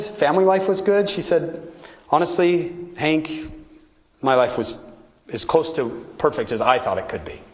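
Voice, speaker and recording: Storytelling man in a reverberant hall. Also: medium pitch. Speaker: speaker telling stories to an audience. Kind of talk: motivational talk to a live audience. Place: large hall with a high ceiling. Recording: live hall with long reverb.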